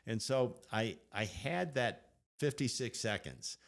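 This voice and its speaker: A middle-aged man co-hosting a faith podcast, telling stories in an animated, excited way. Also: medium pitch, slow, vocal fry. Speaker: podcast co-host. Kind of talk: casual storytelling chat.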